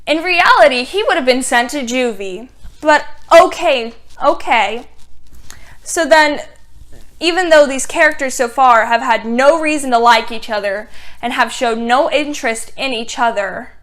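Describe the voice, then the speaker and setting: A young woman talks through a TV episode in a casual review, her fairly high voice full of sarcasm and exasperation. She recaps scenes loosely, peppering them with "like.". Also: unhurried, fairly bright tone.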